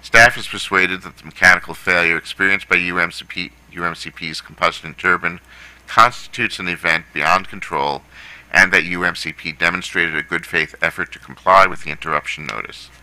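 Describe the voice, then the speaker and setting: A man on a commission's staff reading out a formal recommendation in a steady voice. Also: deep voice, a little fast, smooth, no echo, low-quality recording.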